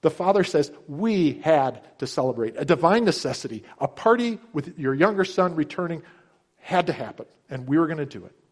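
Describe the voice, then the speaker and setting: A middle-aged male pastor delivering a sermon with a slightly higher-than-usual pitch. He speaks earnestly and emphatically, raising his voice to act out the characters' quoted words. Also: expressive, fairly quick.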